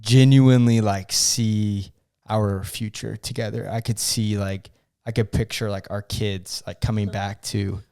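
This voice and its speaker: A man's voice: fairly low pitch, steady tone, unhurried, gravelly, dark tone, clear, resonant tone. A young man co-hosting a podcast, telling a story earnestly and emotionally, with many fillers and restarts. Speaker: podcast co-host. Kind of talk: casual chat.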